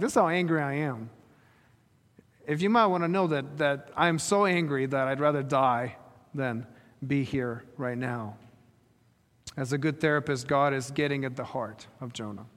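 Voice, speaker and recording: In a reverberant hall, a man preaches a sermon, retelling a story and pushing his listeners with rhetorical questions. His voice is medium-pitched and paced moderately.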